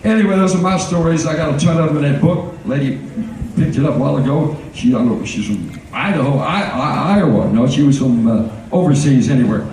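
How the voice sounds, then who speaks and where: A man's voice: a little high, a little fast, a little mellow. Older man telling stories in an echoey hall. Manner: rambling, keeps clearing his throat. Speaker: guest storyteller at a fan reunion. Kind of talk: anecdotal storytelling to a live audience. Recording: echoey hall from far off, faint noise.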